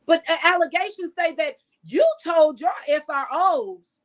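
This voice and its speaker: A woman's voice: very high-pitched, unhurried. A woman journalist giving outspoken, scolding news commentary full of rhetorical questions.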